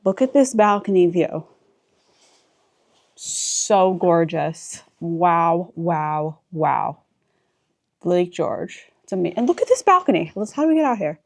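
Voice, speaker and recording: Woman vlogging as she walks around a resort, super excited and chatty, mellow kind of voice, handheld cam. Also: lowish voice, takes it slowly, vocal fry, long pauses. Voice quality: enthusiastic, exclamatory, chatty. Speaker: travel vlogger touring a resort. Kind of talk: casual walk-through vlog narration. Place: indoor resort spaces while walking.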